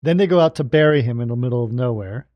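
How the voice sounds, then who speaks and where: A man's voice: mid-range voice, fast, dry recording, dull audio. A man co-hosting a podcast, chatting casually and recapping a film's plot between short agreements. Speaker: podcast co-host. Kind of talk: casual film discussion.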